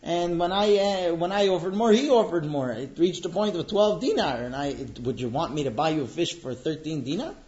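A man's voice: a little high, brisk, few pauses, a little mellow, close to an everyday voice. A man voicing a defiant young Roman servant, with brash, slangy talk. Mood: defensive. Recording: dull lo-fi recording.

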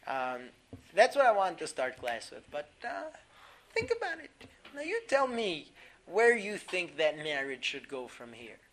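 A man teaching a class through a story, animated, laughing often and filling pauses with "um". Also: on the high side, poor audio. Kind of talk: storytelling lesson.

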